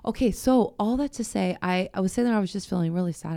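A middle-aged woman hosting a faith podcast, talking candidly and chattily and sometimes dropping to a hushed voice. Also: medium pitch, quick pace, vocal fry, hardly any pauses, dry recording. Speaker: podcast host. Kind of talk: faith-based casual chat.

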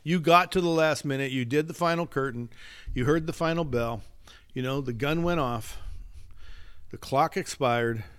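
A man's voice: fairly high pitch, normal speed, a bit bright, clean tone. A man who is a pastor, talking earnestly and emphatically in a casual faith discussion, slipping into a preaching tone.

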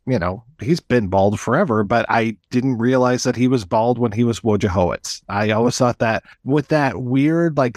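A man's voice: medium pitch, no echo, clean studio sound. A man co-hosting a casual podcast discussion, chatty, who sometimes searches for words and acts out quotes. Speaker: podcast co-host.

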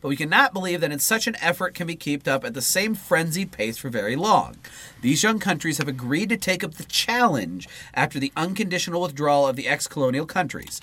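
A man's voice: a little high, very animated, fairly quick, bright, forceful tone. A man co-hosting a podcast, reading a political text aloud and breaking off into profane, casual asides. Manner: swears freely and breaks into asides mid-reading. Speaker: podcast co-host.

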